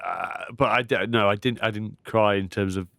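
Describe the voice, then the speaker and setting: A man co-hosting a podcast, a retired rugby player who answers in a measured, hesitant way. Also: lowish voice, fairly even intonation, creaky, fairly bright tone, no echo, studio quality. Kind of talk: casual chat.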